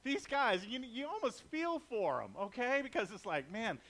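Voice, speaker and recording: A man's voice: very high-pitched, huge pitch swings, normal speed, a bit bright. A man preaching a sermon in a conversational way, mixing jokes and acted-out quotes into his points.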